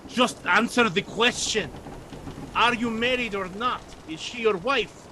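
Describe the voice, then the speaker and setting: A man voicing an irritable male ship's first mate who hates priests, gruff and quick to lose patience during a tabletop game. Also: medium pitch, expressive, background noise. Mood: exasperated. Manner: gruff, easily frustrated, dismissive. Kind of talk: tabletop role-play voicing.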